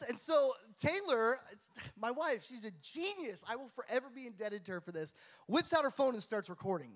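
A male pastor preaching a sermon, telling a story in an animated, jokey way and laughing at his own tales. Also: extremely high pitch.

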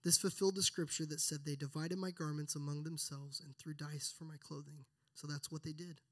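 A man preaching a sermon, speaking earnestly and reading scripture aloud with feeling. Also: fairly high pitch. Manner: earnest, builds then drops to hushed prayer.

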